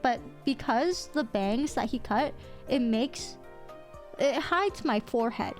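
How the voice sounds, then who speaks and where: A young woman streamer telling stories in casual chat, animated, laughing often and swearing casually. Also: fairly high pitch, slow, soft background music.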